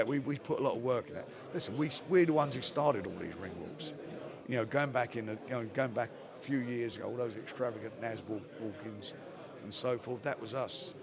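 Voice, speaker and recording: An older man, a boxing promoter giving a plainspoken post-fight interview and repeating phrases for emphasis. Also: mid-range voice. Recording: crowd chatter behind the voice.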